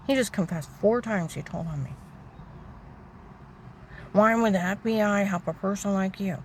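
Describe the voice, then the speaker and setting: Low-voiced woman ranting in a long monologue. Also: moderate pace, slight background noise, low-quality recording. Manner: agitated, repetitive, acts out other people's shouting. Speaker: storyteller recounting personal grievances. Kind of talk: rambling personal monologue.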